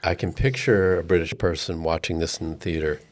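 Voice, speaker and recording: A man hosting a casual film podcast, reading cast details in a measured way. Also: low voice, steady tone. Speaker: podcast host.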